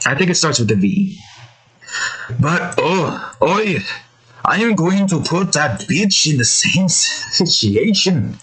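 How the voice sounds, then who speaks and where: A man talks casually while drawing, his voice sitting a little high and leaping up and down with lively swings in pitch. His tone is husky, and he rambles along, trailing off into fillers before catching himself and starting again. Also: slow, rough recording. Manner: rambling, animated, breaks off with fillers and restarts. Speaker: artist and video creator.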